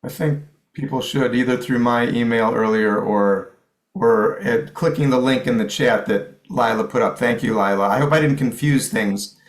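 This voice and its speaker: A man organizing an online class, speaking in friendly, quick remarks. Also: mid-range voice. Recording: echoey room on a video call.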